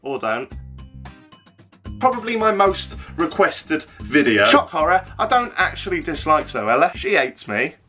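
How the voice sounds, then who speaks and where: A man's voice: a little high, big pitch swings, normal speed, few pauses, bright, forceful tone, slightly rough, faint music behind. A man, ranting cheekily and sarcastically to camera, with plenty of swearing. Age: 20s. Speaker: YouTuber. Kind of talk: casual vlog rant.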